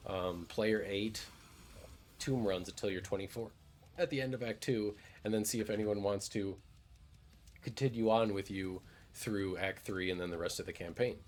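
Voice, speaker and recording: Laid-back, low-voiced male game streamer. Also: steady tone, moderate pace. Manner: laid-back, joking, profane. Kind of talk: casual gameplay commentary.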